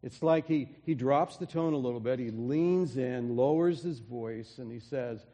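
A pastor preaching a sermon in an earnest way, often restarting phrases and dropping softly for emphasis. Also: male voice, mid-range voice, unhurried, few pauses, long reverb tail. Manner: earnest, with frequent restarts and soft drops for emphasis.

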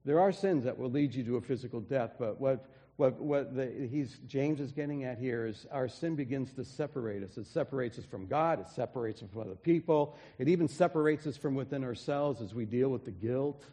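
A pastor preaching a sermon in an earnest way, often restarting phrases and dropping softly for emphasis. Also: male voice, mid-range voice, fairly quick, few pauses, big-room sound. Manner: earnest, with frequent restarts and soft drops for emphasis.

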